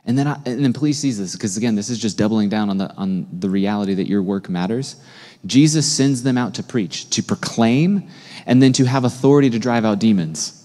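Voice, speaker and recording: A man preaching a sermon as a pastor, in a conversational, animated way, often asking his listeners questions. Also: lowish voice, a little fast, in a large hall. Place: church sanctuary.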